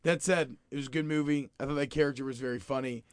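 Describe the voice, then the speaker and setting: A man's voice: medium pitch, fairly even intonation, fast talker, no room sound. Rambling man hosting a film chat. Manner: rambling, self-correcting, questioning. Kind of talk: casual film discussion.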